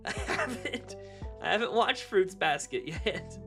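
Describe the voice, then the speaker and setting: A young man streaming live, chatting casually to his viewers, animated, laughing often and swearing freely. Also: high voice, slow pace, soft background music.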